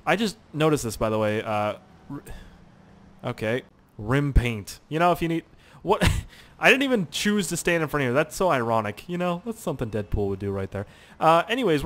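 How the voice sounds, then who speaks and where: Rambling young Canadian man gaming. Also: medium pitch. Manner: rambling, chatty, swears, frequent fillers and repeats. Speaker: gaming channel host. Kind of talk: casual gameplay commentary.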